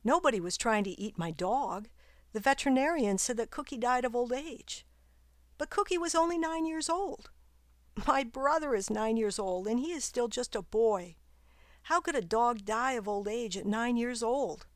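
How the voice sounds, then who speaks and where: A curious, slightly sassy little girl from a storybook, full of questions, voiced by a woman reading aloud. The sound is dry and close to the mic, at a middle pitch that lifts a little for the child. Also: normal speed, no room sound, lightly acted. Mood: upset. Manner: questioning, stammering when upset. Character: curious, sassy young girl grieving her dog.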